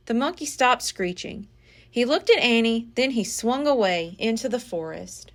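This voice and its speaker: A library storyteller reads a children's book aloud with expressive, dramatic delivery. Her voice sits on the high side and moves at a moderate pace.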